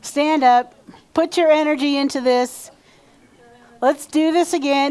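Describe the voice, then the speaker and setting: High-voiced woman minister preaching. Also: steady tone, measured pace, darkish tone. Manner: conversational, leads call-and-response affirmations. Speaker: reverend. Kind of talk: sermon. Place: church sanctuary.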